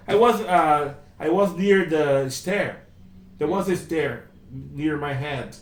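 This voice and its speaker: A man's voice: on the high side, takes it slowly. A man with a Brazilian Portuguese accent leads a casual English conversation class, chatting, repeating his phrases and acting out the lines people say to him. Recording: echoey room, voice from a distance.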